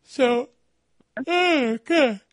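A man hosting a podcast, exhausted and telling a casual story in an animated way, swearing and acting out what he said. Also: very high voice, extremely slow, dry recording. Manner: animated, swears, acts out his own quotes. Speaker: podcast host.

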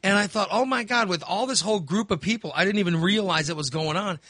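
High animated guy in his 50s rambling thru a story, bright dry sound. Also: fast talker, no room sound. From Texas. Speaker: host. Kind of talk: casual podcast chat.

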